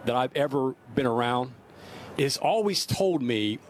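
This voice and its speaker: A man's voice: mid-range voice, expressive, a little slow, a little hiss or hum. A man co-hosting a sports radio show, chatty and agreeable in banter and analysis. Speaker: radio co-host.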